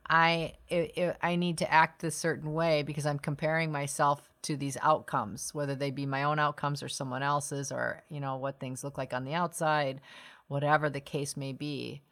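Middle-aged woman podcast co-host, low voice, reflective and chatty, laughs easily. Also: little pitch movement, normal speed, a bit bright. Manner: reflective, laughs often, restarts sentences. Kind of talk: casual conversation.

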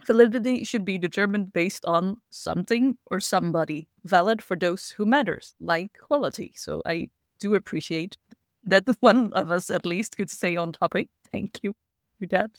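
A woman's voice: mid-range voice, normal speed, dry recording, studio quality. A woman hosting a casual livestream talk, chatty and laughing often as she reads the chat. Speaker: host.

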